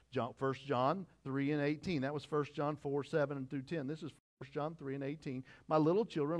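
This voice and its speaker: A man's voice: fairly high pitch, normal speed. A middle-aged pastor preaching a conversational sermon with repeated phrases and asides to his congregation.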